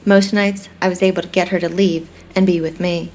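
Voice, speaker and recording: A woman narrating a first-person romance audiobook in a steady, reflective storytelling manner. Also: on the low side, a little fast, slight background noise.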